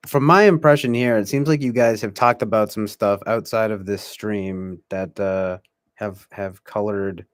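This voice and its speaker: A young man hosting a casual livestream chat, halting and repeating words, drawling some phrases with mock-soothing asides. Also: on the low side, no echo, clean studio sound. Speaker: livestream host.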